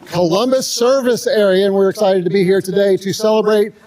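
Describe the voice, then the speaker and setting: A man co-hosting a live event with jokey, excitable banter, out of breath. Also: high voice, fairly quick, poor audio. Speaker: livestream co-host. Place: indoor event space with crowd.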